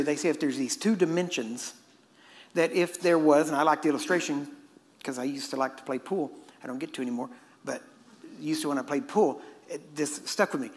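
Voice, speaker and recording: A middle-aged man preaching a sermon in a conversational way, often asking his listeners "Amen?" and acting out the voices he quotes. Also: on the high side. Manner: acts out quoted voices and chuckles mid-point.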